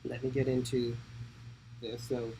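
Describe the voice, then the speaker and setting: A man's voice: medium pitch, monotone, unhurried, creaky, mellow, slight background noise, poor audio. A man co-hosting a casual travel livestream, joking and laughing often as he chats. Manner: jokey, upbeat, laughs often. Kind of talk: casual live-stream chat.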